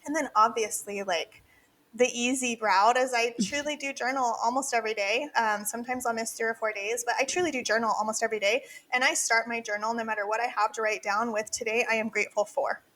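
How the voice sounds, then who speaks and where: A woman's voice: on the high side, steady tone, fairly quick, fairly bright tone, a little hiss or hum. A woman in her forties co-hosting a podcast, talking candidly in a casual chat with many fillers and frequent laughs. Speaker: podcast co-host, dental practice consultant.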